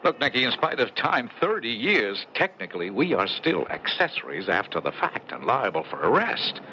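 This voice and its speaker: An actor playing a middle-aged American general, a wry, bantering husband, in a 1970s radio drama. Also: male voice, mid-range voice, sing-song, normal speed, pushed and bright. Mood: alarmed. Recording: muffled old radio broadcast with hiss.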